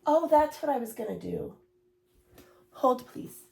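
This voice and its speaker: A woman's voice: high-pitched, expressive, a little slow, creaky, pauses often, heavy background noise. A woman in her thirties chatting casually in a cross-stitch vlog, rambling with asides and fillers. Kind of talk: casual chat.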